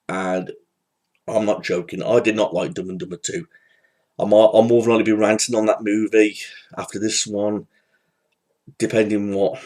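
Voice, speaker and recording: A man's voice: on the low side, darkish tone. A man giving a casual, rambling spoken film review, full of fillers and restarts. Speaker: movie reviewer.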